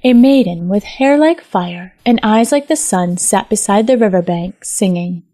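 A woman reading a fairy tale aloud in measured, lyrical scripted narration. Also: mid-range voice, lively intonation, dark tone, dry recording. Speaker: storyteller.

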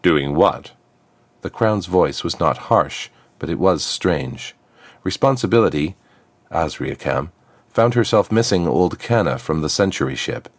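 A man reading a fantasy story aloud in a steady, measured narration. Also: low-pitched, no room sound.

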